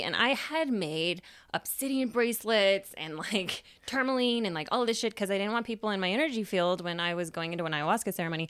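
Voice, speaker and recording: A young adult woman and podcast host telling a personal story in a casual, animated way, swearing freely and acting out her own past remarks. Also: medium pitch, a little fast, smooth, no room sound, clean studio sound.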